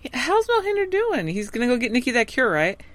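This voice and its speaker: A woman's voice: fairly high pitch, wildly swooping pitch, fairly quick, no room sound. A woman co-hosting a casual podcast, chiming in with short replies and laughs. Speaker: podcast co-host. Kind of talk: casual chat.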